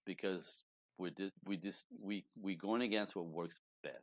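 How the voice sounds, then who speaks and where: A man, a relationship coach, talking as a guest in an interview with emphatic, animated delivery. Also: low-pitched, measured pace. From Canada. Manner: animated, emphatic, acts out quoted voices. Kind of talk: conversational interview.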